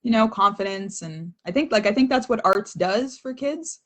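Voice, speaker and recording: A woman's voice: mid-range voice, animated, normal speed, fairly bright tone. Chatty woman in her thirties. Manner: chatty, reflective, laughs often. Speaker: guest, former child actor. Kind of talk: casual video-call chat. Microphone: video call.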